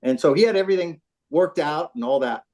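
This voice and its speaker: A man's voice: a little high, fast. An older man, a former baseball trainer, telling a story in casual talk over a phone call, acting out what people said and swearing freely. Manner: animated, swearing, acts out quotes.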